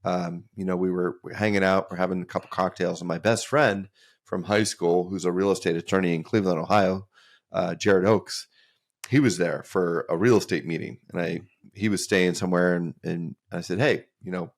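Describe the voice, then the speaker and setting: A man's voice: deep voice, fairly even intonation, moderate pace. A man co-hosting a podcast, telling a rambling anecdote with repeated words. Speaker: podcast host. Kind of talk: casual podcast chat, storytelling.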